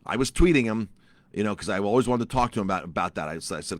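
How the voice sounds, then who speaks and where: A middle-aged chef and restaurant owner tells a story in a casual vlog, his lowish voice fast and expressive. He rants with animation and keeps repeating his words.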